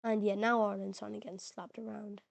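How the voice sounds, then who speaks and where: A woman's voice: medium pitch, little pitch movement, quick pace, vocal fry. A woman giving casual, slangy commentary over a map game, chatty and informal with lots of fillers and the odd voice crack. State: occasional voice cracks. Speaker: mapping video narrator.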